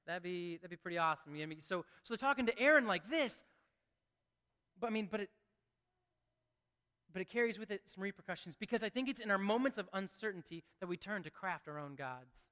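A male preacher talking through a sermon in a chatty way, full of restarts and asides. He drops to a hush and then rises with excitement. His high, bright voice rings in a long hall reverb. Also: fairly quick, long pauses.

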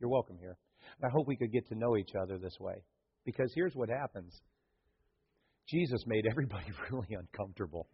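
A pastor delivering a lively sermon in a church, acting out the scenes of his story and joking with the congregation. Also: lowish voice, a little fast, slightly rough, dull audio. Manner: animated storytelling, acts out scenes, jokes with the congregation. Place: church sanctuary.

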